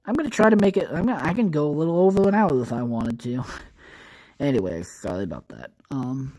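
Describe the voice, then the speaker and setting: A man's voice: a little high, animated, fairly quick, mellow, low-quality recording. A young man hosting a solo podcast, rambling casually with constant swearing and filler words. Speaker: podcast host.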